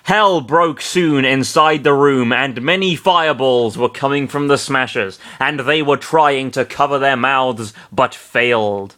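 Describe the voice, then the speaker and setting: A man's voice: mid-range voice, measured pace, few pauses, pushed and bright. A man reading fan fiction aloud, breaking off into self-deprecating, apologetic asides. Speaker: reader, narrator.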